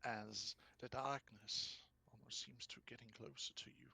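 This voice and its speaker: A man with a gravelly, husky voice, narrating a tabletop game as game master in a slow, low, ominous way. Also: steady tone, sharp tone, no echo.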